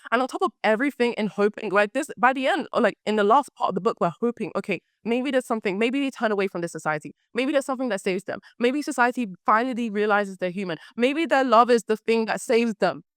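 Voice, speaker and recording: A young woman hosts a casual book podcast, her voice slightly hoarse yet smooth and resonant. She talks animatedly and repeats words for emphasis. The sound is dry and close, with no room echo. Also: a little high, fast talker, few pauses. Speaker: podcast host.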